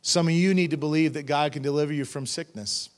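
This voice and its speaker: Middle-aged male pastor, slightly high voice, emphatic verse-by-verse preaching with casual asides to the congregation. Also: fast talker. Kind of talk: expository sermon reading scripture with commentary. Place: church sanctuary.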